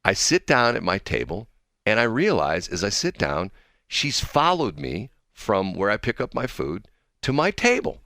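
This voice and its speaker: A man's voice: fairly low pitch, huge pitch swings, measured pace, sharp tone, dry recording, studio quality. A man hosting a radio talk show, telling a rambling story with chuckles and self-deprecating asides. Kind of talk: casual storytelling chat.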